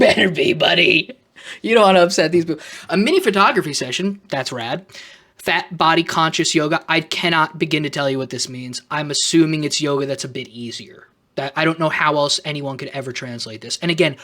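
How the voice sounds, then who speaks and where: A man's voice: on the high side, a bit bright. A man making an off-the-cuff vlog, talking sarcastically and rambling, with self-conscious asides. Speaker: YouTuber.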